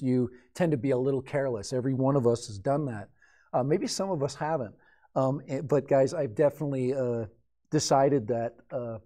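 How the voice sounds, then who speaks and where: A man's voice: medium pitch, dark tone. A man in his fifties hosting a casual live stream, rambling and joking with viewers in chat as a hobby drone pilot. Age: 50s.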